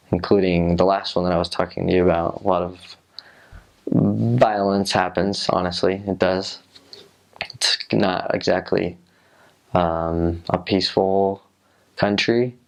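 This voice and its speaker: A man's voice: sits low, gravelly. A young man, a returned missionary, frankly recalling his time serving. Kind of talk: casual recollection.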